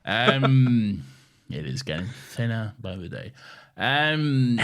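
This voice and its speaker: A man's voice: medium pitch, lively intonation, very slow, a bit bright. A man co-hosting a podcast, chatting casually, laughing often and swearing now and then. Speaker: podcast co-host. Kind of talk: casual chat.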